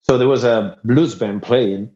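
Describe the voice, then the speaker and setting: A man from Spain with a Spanish accent, telling stories as a musician guest on a podcast. He talks in an animated way, at a middle pitch. The recording sounds dull and lo-fi. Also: unhurried. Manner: animated, laughing storyteller. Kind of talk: casual storytelling interview.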